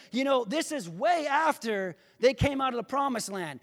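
A male pastor preaching a sermon, speaking directly to his congregation and building to impassioned, near-shouted emphasis. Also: very high-pitched, animated, moderate pace, hardly any pauses. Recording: long hall reverb.

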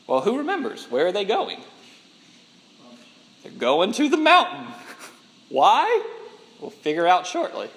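Animated man teaching a Bible lesson. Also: sits high. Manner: animated, laughs often, acts out quotes. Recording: long hall reverb.

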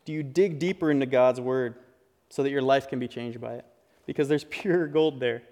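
A man preaches to his congregation at an ordinary middle pitch, his voice trailing off in the long reverb of a church sanctuary. He talks in an earnest, conversational way, often restarting a phrase before pressing his point. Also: moderate pace, darkish tone. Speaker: pastor. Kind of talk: sermon.

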